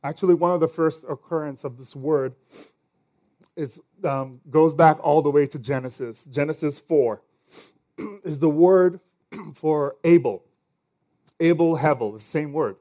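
Higher-voiced man preaching a casual sermon. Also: measured pace, pauses often. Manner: conversational, many fillers, swings between loud and hushed.

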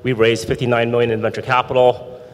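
A man's voice: mid-range voice, flat delivery, fast talker, muffled recording. Businesslike male entrepreneur on a panel. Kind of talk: panel discussion. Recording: long hall reverb.

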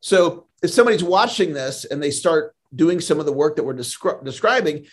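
Earnest motivational man, fairly high voice. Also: lively intonation, fairly quick. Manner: earnest, motivational, repeats words when starting. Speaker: sales trainer. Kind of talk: podcast interview.

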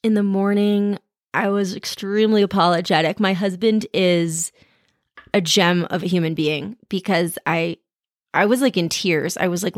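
A woman's voice: fairly low pitch, fairly even intonation, normal speed, dry recording, clean studio sound. A woman in her thirties hosting a podcast, telling candid personal stories in a frank, self-deprecating way and swearing freely. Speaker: podcast host. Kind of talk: candid personal storytelling monologue.

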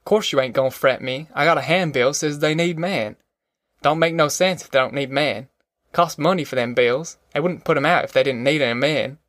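A man voicing a proud, stubborn farmer father in an audiobook, dignified and quick to anger, with a drawl. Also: on the high side, a bit bright, dry recording, studio quality, lightly acted. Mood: angry. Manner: dignified, stubborn, flaring angry.

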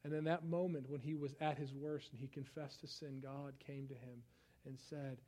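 A young man preaching a sermon in a conversational style, swinging from hushed tones to loud outbursts. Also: medium pitch, fairly even intonation, normal speed. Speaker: pastor.

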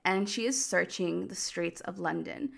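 A woman's voice: on the low side, a little slow, creaky, a bit bright. A woman hosting a podcast, chattily recapping a telenovela plot with lots of "like" and amused asides. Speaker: podcast host.

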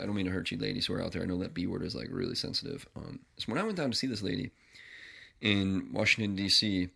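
Man, podcast host, gravelly low voice, bright edge, blunt swearing rant. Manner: profane, blunt and rambling. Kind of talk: casual ranting monologue.

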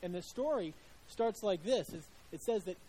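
A man's voice: sits high, lively intonation, moderate pace, dark tone, slight background noise, low-quality recording. A male preacher giving a sermon in a conversational storytelling way, with frequent restarts.

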